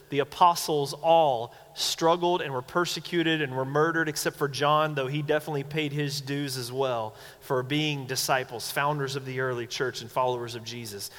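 A young man preaches a sermon with a bright, forceful tone and a slightly high voice. He acts out quoted voices with big swings in pitch. His words ring out with a long reverb, as if recorded in a large hall. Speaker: pastor.

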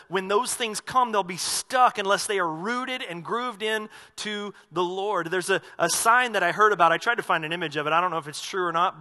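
Guy pastor giving a sermon, higher voice, chatty asides, slows down to hammer points home. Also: pushed and bright. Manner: conversational, with asides and self-corrections; slows down for emphasis on key phrases.

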